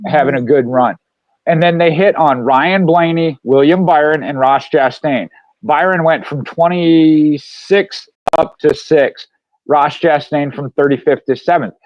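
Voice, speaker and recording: A man's voice: fairly high pitch, no room sound. Radio co-host, man, Minnesota accent, rambling, dry dull recording. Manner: rambling, with many fillers and restarts. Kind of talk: casual radio talk.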